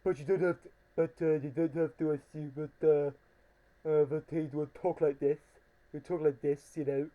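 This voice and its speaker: A woman's voice: deep voice, steady tone, normal speed, narrow, tinny audio, close to an everyday voice. A woman voicing a little toy wolf who talks through a blocked nose. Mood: explaining. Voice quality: stuffed-up nasal.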